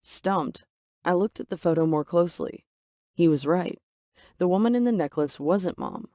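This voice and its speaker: A woman narrating a first-person story in an even, measured way, voicing the quoted lines herself. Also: on the low side, no room sound, clean studio sound.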